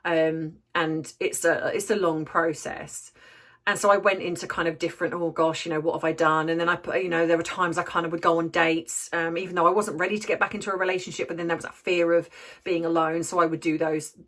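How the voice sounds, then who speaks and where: A woman, a therapist and life coach, telling a personal story to camera in a reflective, candid way and often pausing to find her words. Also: fairly low pitch, level tone. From United Kingdom.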